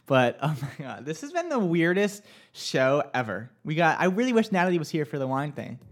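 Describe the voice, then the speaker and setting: A man co-hosting a radio chat show, telling stories in a lively way and acting out his own panicked lines. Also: a little high, a little fast. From New Jersey. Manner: animated storytelling, acts out his own panicked quotes. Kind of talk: casual chat.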